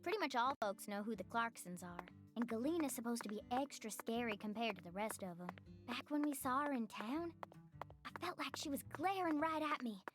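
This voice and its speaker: High-voiced folksy small-town girl, a woman acting. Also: close to an everyday voice. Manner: plainspoken, folksy, hesitant. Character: young small-town woman, candid and uneasy. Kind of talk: video game dialogue.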